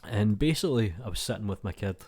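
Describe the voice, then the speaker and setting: Animated and fast, this young Scottish YouTuber reads out viewer comments in a relaxed, meandering chat, his fairly low voice a little mellow and slightly rough. The clean studio sound has no echo, though his desk mic has no pop filter.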